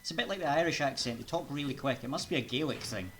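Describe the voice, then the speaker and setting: A man's voice: medium pitch, lively intonation, fast talker, fairly bright tone, a little hiss or hum. A man streaming a video game live, chatting casually with viewers and laughing often.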